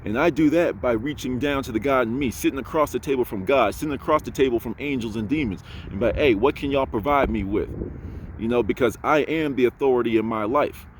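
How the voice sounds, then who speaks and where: A man's voice: medium pitch, quick pace, hardly any pauses, a little hiss or hum. A man vlogging outdoors in a casual monologue, blunt, preachy and self-assured as he talks about spirituality. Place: outdoors in an urban area.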